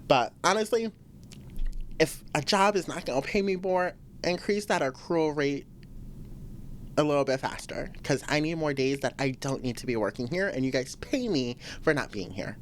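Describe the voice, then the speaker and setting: On her solo podcast, the young host vents at a moderate pace, animated and quick to laugh, with her voice jumping to high exclamations. A little hiss or hum runs under the recording.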